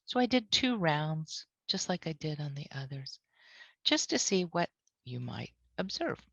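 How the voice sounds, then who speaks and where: Woman guiding a calm tapping lesson. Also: low voice, creaky, slightly rough, no echo. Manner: calm, repeats phrases slowly. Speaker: tapping trainer. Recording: dull lo-fi audio.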